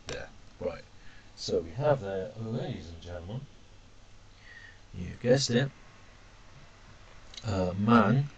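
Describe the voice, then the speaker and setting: A man teaching a language lesson while drawing characters on screen, chatty and self-deprecating, calling his viewers ladies and gentlemen. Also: low voice, animated, slow, lo-fi sound, a little hiss or hum.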